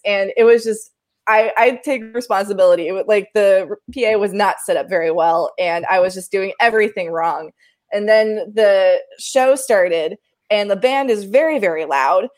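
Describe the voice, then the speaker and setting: A woman recounting a work story in casual chat, animated and laughing often. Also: mid-range voice. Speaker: live sound engineer telling a story.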